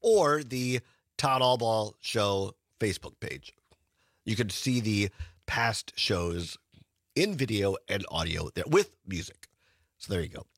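A man's voice: lowish voice, lively intonation, slow, a bit bright, no room sound, clean studio sound. A man hosting a radio talk show, chatting casually and laughing often. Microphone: studio microphone.

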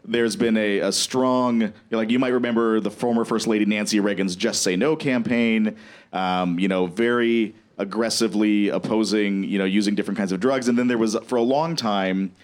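A man with a low, easy voice talks through politics on the radio. He rambles, restarts his sentences and laughs along as he goes. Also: steady tone, moderate pace. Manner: rambling, self-correcting, laughs often. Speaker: political science teacher, guest. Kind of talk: casual radio talk.

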